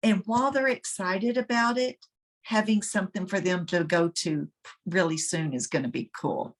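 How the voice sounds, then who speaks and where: A woman with a lowish voice and moderate pace leads a casual planning meeting, rallying and encouraging the group members. She stumbles over restarts and false starts as she goes.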